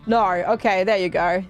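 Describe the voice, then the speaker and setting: Slow-talking woman streamer chatting with viewers. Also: fairly high pitch. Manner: chatty, reads out and greets chat viewers. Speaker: game streamer. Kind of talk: casual live-stream chat while playing.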